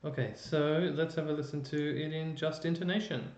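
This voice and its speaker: A chorus music educator with a voice on the high side speaks steadily at a moderate pace. He explains an online music lesson step by step, thinking aloud as he uses a computer, and the recording sounds roomy, dull, and lo-fi with faint noise.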